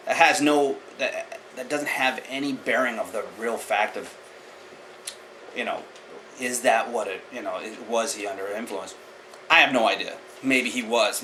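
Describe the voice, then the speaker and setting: Forceful blunt man hosting a chat. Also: medium pitch, slight background noise, poor audio. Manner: blunt, opinionated, talks to the viewer directly. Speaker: martial arts channel host. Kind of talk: casual opinion commentary.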